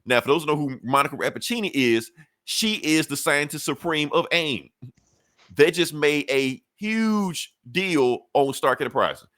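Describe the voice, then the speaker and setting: A man casually recapping a comic book on a podcast, his pitch swinging widely as he acts out each character's lines. His speech is loose, slangy and full of profanity. The sound is dry and close, with no room echo. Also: measured pace. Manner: animated storytelling, acting out characters' lines; profane, laid-back slang. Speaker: podcast co-host.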